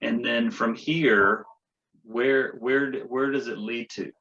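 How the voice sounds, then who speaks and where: A man's voice: mid-range voice, fairly even intonation, slow pace, pushed and bright. A man hosting an interview, asking questions in a hesitant way with many fillers. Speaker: chiropractor host. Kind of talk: interview conversation. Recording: dull lo-fi audio.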